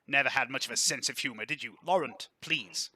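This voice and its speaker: A man voicing a blustery, jovial retired admiral lord with a booming, pompous manner. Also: brisk, sharp tone, slightly rough, no echo. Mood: bluff jovial.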